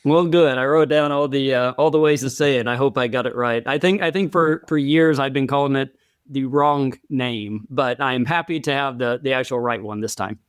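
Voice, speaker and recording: A man's voice: mid-range voice, moderate pace, clear, resonant tone, no echo, studio quality. A man hosting a podcast interview, chatty and friendly, often repeating words as he talks. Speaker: podcast host.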